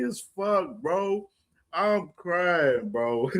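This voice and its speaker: A man's voice: high voice, animated, a little slow, fairly bright tone. A man hosting a casual boxing live stream, laughing often, slangy and profane, talking straight to his chat. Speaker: boxing show host.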